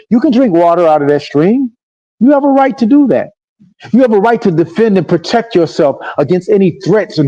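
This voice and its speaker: A man's voice: on the high side, mellow. A man hosting a livestream, giving a preacherly motivational talk that answers imagined questions from listeners. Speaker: host. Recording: dull lo-fi stream audio.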